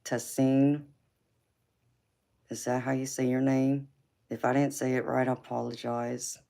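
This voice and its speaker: A woman with an extremely low, warm voice speaks a little slowly in a flat, vocal-fried delivery and a heavy Southern drawl. She's a tarot reader hosting a casual live stream, affectionately calling her viewers honey, sweetheart and babe. She comes from California but was raised in Georgia.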